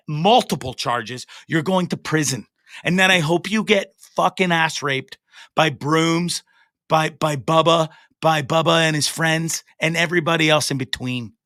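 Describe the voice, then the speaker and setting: A Canadian man in his forties hosts a show from the studio, his voice a little high and sharp, with clean, echo-free studio quality. He delivers an angry, profane, repetitive solo rant, stammering as he gets fired up.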